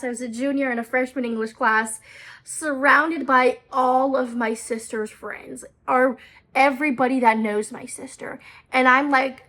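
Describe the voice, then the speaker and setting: A woman's voice: high-pitched, a bit bright. Chatty, profane young woman telling stories. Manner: chatty, profane, self-mocking, many "like" fillers. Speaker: storytime vlogger. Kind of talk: casual storytelling to camera.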